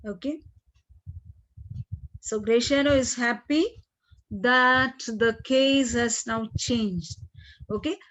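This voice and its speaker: A woman teacher explaining a play to her class, saying "okay" often and clearing her throat. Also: fairly high pitch, takes it slowly, long pauses, a bit bright. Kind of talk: classroom literature lesson. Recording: dull lo-fi recording.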